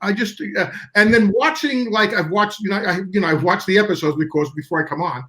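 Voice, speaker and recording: A man's voice: high-pitched, fairly quick, bright, forceful tone, rough recording. A man who created a television show, looking back on it in a reflective, casual chat, hedging often with fillers.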